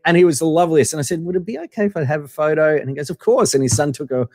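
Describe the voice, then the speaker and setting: A man's voice: fairly high pitch, very fast, a little mellow. Rambling man telling a story, dry reverb. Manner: rambling, with many fillers and acted-out quotes. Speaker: guest. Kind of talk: casual storytelling.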